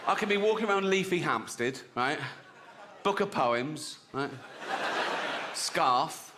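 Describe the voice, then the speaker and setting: A man doing stand-up in a brash, punchy voice that sits a little high for a man, and he keeps chuckling at his own lines. The live recording carries a lot of background noise. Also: animated, slow pace. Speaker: stand-up comedian. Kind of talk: stand-up comedy.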